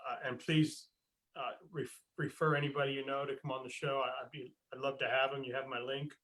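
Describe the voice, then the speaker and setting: A man's voice: mid-range voice, brisk. A man from the United States hosting a wrestling podcast, telling stories casually, swearing and laughing as he acts out what people said. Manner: animated storyteller, swears, laughs, acts out voices in anecdotes. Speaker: podcast host. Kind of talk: casual chat.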